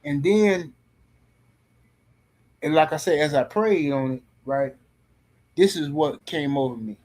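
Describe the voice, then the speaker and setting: A middle-aged man on a podcast panel tells a story casually, in a blunt, profane and animated way, often restarting his sentences. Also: a little high, a little slow.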